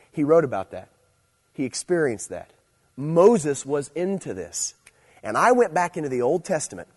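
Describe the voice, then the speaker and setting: A young man preaching to a youth group in an easy, chatty way. His voice is slightly husky and sits at an ordinary middle pitch. He tells stories loosely and then picks up energy as he makes his points. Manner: conversational storytelling, animated and playful when preaching. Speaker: youth pastor. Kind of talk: casual sermon.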